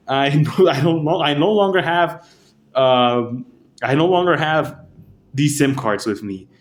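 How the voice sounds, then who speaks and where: A man's voice: on the high side, expressive. A man casually telling a rambling story to camera, swearing often and restarting his sentences. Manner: rambling, profane, halting restarts. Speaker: vlogger.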